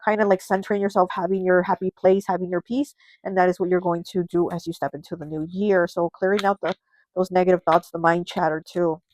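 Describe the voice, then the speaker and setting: A woman's voice: fairly low pitch, level tone, fairly quick, darkish tone, dry recording, rough recording. A woman giving a casual tarot reading, talking chattily with many filler words and restarts. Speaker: tarot reader.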